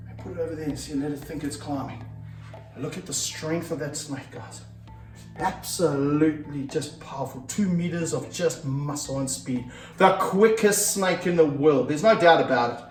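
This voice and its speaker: Handling a snake on camera, this middle-aged vlog host chats casually in a voice on the high side, energetic and breathless, breaking off now and then to coax the animal. The indoor room has slippery floors and a roomy echo. He sounds a little far from the mic, and faint music plays.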